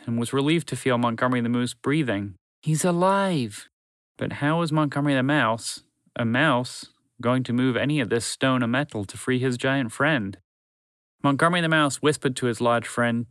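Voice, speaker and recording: A man narrating a children's story in a calm, measured, friendly way. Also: mid-range voice, clean tone, no room sound.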